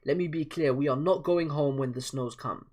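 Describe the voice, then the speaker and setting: The voice is a scornful, impatient army commander barking orders, as a man reads him out from a manga. The pitch runs a bit high for a man. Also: normal speed, a little mellow, close to an everyday voice. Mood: angry. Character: impatient middle-aged male army commander, bossy.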